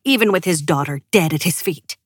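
A woman's voice: low-pitched, animated, a little fast, husky, no echo, studio quality. A woman narrating an audiobook with emotive, dramatic delivery. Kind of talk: scripted narration.

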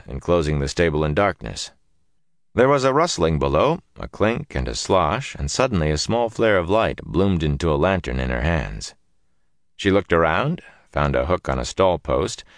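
A man with a very low voice reads a fantasy novel aloud, his tone rising and falling dramatically. The recording is close and dry, with no room sound. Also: no echo. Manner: expressive, dramatic storytelling. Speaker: narrator. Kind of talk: audiobook narration.

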